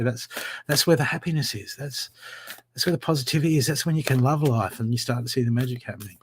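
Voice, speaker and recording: A man giving live psychic readings from home, talking in an animated, encouraging way with a lot of repetition. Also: medium pitch, slight background noise. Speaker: psychic reader. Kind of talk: live-streamed spiritual reading.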